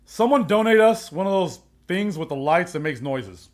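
A man's voice: high voice, animated, moderate pace. A man hosting a podcast in casual chat, joking around with crude humor. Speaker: podcast host.

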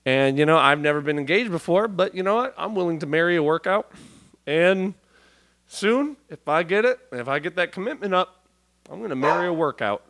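A man's voice: a little high, expressive, fairly quick, fairly bright tone. A man hosting a comedy podcast, talking in a profane, rambling way with lots of restarts into a studio mic. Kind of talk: casual comedic banter. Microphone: studio mic with headphones.

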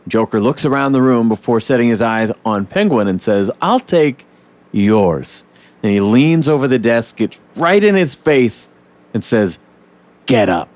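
At a normal speed, a podcast host with a mid-range voice chats casually and with lots of energy. He curses freely and performs funny scenes in assorted voices.

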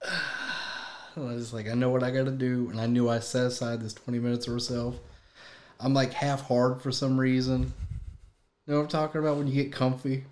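Man, podcast guest, mid-pitched, casual, animated and jokey. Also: normal speed. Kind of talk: casual chat.

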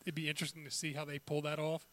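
A man's voice: fairly high pitch, monotone, very fast, a bit bright, no room sound. A man chatting casually as a podcast co-host, hedging and restarting his sentences. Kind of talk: casual chat.

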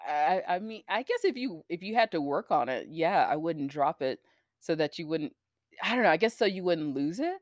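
A woman co-hosts a podcast in relaxed, opinionated chat and laughs easily. Her voice sits a little low. The recording is dry and close, with no room sound. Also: moderate pace, no room sound. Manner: easygoing, laughs often, opinionated. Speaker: podcast co-host. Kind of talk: casual chat.

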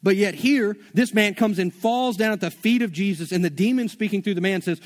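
Man preaching, high-pitched, laid-back and conversational with slang. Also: brisk, few pauses. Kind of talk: sermon.

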